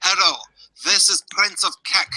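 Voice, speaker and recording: A man's voice: high voice, fairly even intonation, unhurried, sharp tone, no room sound, heavily acted, rough recording. A man voicing a self-proclaimed prince of a made-up meme nation, making grandiose proclamations in a comic invented foreign accent. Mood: solemn. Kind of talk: comic video monologue.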